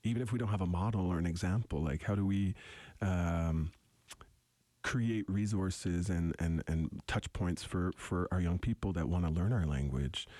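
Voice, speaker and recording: A young adult man from eastern Canada with a deep radio voice, talking reflectively as a musician guest in an interview, halting and restarting often. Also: warm tone, no echo. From Wolastoqey territory, eastern Canada. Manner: thoughtful, halting, many restarts.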